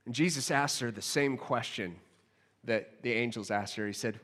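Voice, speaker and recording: A man preaching a sermon, retelling a scripture scene with expressive storytelling that drops to a hush and rises with excitement. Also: mid-range voice, moderate pace, big-room sound. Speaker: pastor.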